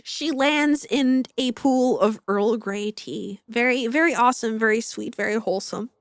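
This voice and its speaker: A woman's voice: fairly high pitch, measured pace, few pauses, no echo, studio quality. A young woman streaming a game, chatting casually, telling jokes, swearing, and breaking into squeals and giggles. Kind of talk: casual gameplay commentary.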